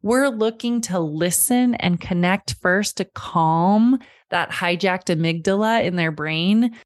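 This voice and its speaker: A woman's voice: on the low side, slow, dry recording. A woman in her thirties, a parenting coach hosting a podcast, telling a family story and giving earnest advice.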